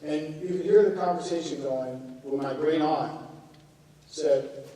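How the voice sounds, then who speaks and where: Middle-aged man, CEO addressing students, fairly high voice, distant mic, roomy hall, audience. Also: brisk, a crowd in the background. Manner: storytelling, conversational, some restarts. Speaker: company CEO, speaker. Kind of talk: speech to students. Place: university lecture hall.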